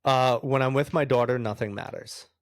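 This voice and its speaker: A man's voice: medium pitch, moderate pace, dry recording. A man in his thirties from New York, telling stories with frequent laughter as a podcast guest. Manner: animated storyteller, laughs often, acts out other voices. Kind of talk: casual storytelling interview.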